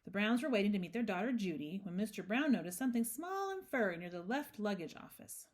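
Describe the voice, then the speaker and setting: A woman reads a picture book aloud as host of a storytime, breaking off for chatty, playful asides. Her voice sits at a middle pitch but moves in a lively, sing-song way. The reading is relaxed and unpolished. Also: quick pace.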